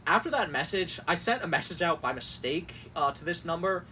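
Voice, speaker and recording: Exasperated young man, sarcastic and bright. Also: a little high, lively intonation, brisk, recorded from a distance. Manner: exasperated, sarcastic, swearing, laughing often. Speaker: commentator reading campaign messages. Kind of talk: casual reaction commentary. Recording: mic set back, faint room noise.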